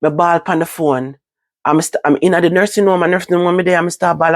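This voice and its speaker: A woman with a Jamaican accent recounting a personal story to her viewers, in a halting, repetitive way. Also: low-pitched, fairly even intonation, a little hiss or hum. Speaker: vlogger.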